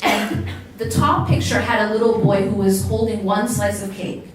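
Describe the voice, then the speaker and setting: A woman's voice: mid-range voice, steady tone, moderate pace, faint music behind. American woman lecturing in an echoey hall. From United States. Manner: questions the audience, repeats words for emphasis. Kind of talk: motivational religious lecture to a live audience. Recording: very echoey hall, distant mic.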